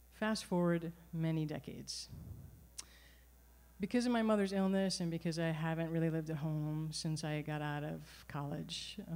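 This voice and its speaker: A middle-aged woman telling a personal story live at a venue, animated and wry. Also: low voice. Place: performance venue.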